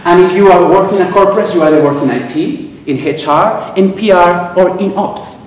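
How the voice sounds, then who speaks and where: A man from Venezuela with a Venezuelan Spanish accent, giving a humorous speech at a club and pausing for laughs as he tells stories. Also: high-pitched, a little hiss or hum. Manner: storytelling with quoted exchanges, pausing for audience laughs. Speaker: club speaker. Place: club meeting room. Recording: echoey room, miked from a distance.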